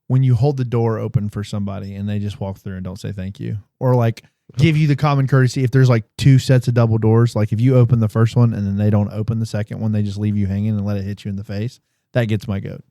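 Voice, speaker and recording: Gravelly, low-voiced man chatting. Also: steady tone, fast, few pauses, dark tone, no room sound, muffled recording. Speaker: podcast co-host. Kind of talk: casual chat.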